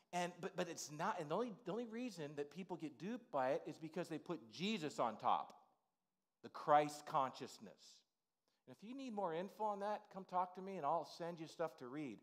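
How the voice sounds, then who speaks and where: A man's voice: fairly high pitch, animated, moderate pace. A male pastor delivering an informal, conversational sermon in a church sanctuary, full of "you know" asides.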